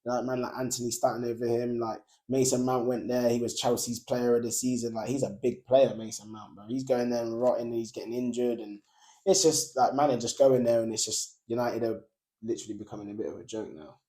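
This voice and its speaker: A young man hosting a casual football podcast, animated and laughing often as he talks. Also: medium pitch, brisk. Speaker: podcast host.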